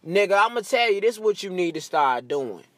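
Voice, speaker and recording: A man's voice: high voice, big pitch swings, brisk, no room sound. A man delivering a profane comic rant, laughing often at his own jokes. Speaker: comedian.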